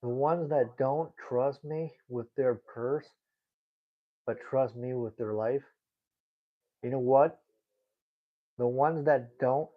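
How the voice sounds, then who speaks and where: A male livestreamer reads chat and talks straight to his viewers in a casual, indignant, rambling way. His mid-range voice has a tinny, phone-like sound.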